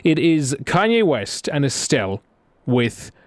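A man's voice: a little high, big pitch swings, unhurried, dry recording, clean studio sound. A man hosting a radio show, chatting casually and teasing his co-host. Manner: playful, teasing.

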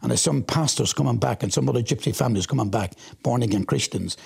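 An Irish man recounting his past in a plain, rambling way, circling back over the same points. His voice is heavily gravelly with a husky, rough edge. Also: mid-range voice, quick pace, a little mellow. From Ireland. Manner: plain-spoken, rambling, repeats himself. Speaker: interviewee. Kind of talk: storytelling interview.

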